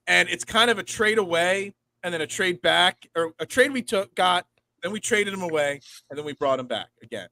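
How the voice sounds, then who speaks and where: A man's voice: a little high, sharp tone, a little hiss or hum, poor audio. A man co-hosting a sports podcast, rambling in casual chat and often repeating words as he thinks. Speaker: podcast co-host.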